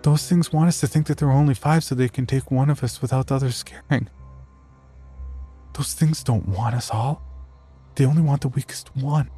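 A man's voice: medium pitch, steady tone, moderate pace, mellow, breathy edge, faint music behind, pitched above the performer's own voice, close to an everyday voice. A man voicing a frightened young woman who pleads desperately with her boyfriend. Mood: urgent pleading.

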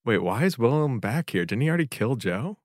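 Very lively-voiced young man playing. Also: medium pitch, a little fast, no echo, studio quality. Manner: wry, excitable player banter. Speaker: player. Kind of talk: playing a tabletop game.

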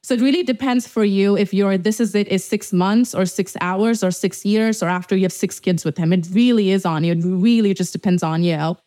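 A young woman co-hosting a podcast in casual chat, animated and swearing freely, acting out quotes in a higher voice. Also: a little fast, few pauses. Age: young adult. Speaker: podcast co-host.

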